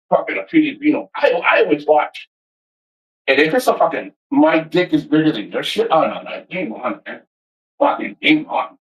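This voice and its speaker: A man ranting to camera in a passionate, energetic, heavily profane way, rambling and restarting as he makes his points. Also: a little high, muffled recording. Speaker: vlogger. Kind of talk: casual rant to camera.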